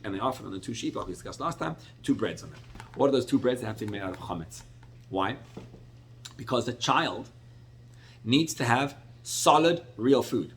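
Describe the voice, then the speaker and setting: A middle-aged rabbi teaches a Torah class, telling stories in an animated, expressive way with sudden jumps in pitch.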